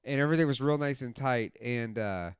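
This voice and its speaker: A podcast co-host spins casual, profane stories in his home podcast studio, acting out people's quotes with animation. He has a clear, resonant, mid-range voice and talks briskly, with no echo and studio-quality sound.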